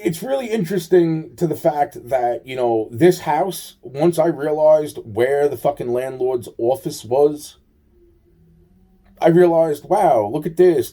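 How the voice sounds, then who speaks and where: Profane rambling man, dark voice. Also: on the high side. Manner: profane, repetitive, aggrieved storytelling. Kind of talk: rambling personal monologue.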